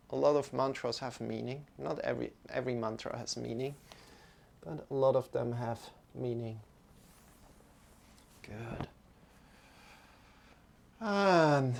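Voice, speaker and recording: Slow, calm male yoga teacher. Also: medium pitch, creaky. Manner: slow, calm instruction with many pauses. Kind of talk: guided yoga and mantra lesson.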